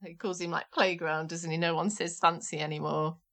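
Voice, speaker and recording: Low-voiced woman co-hosting a podcast. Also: a little fast. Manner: agreeable, relaxed, short replies and reflective asides. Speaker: podcast co-host. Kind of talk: casual podcast chat.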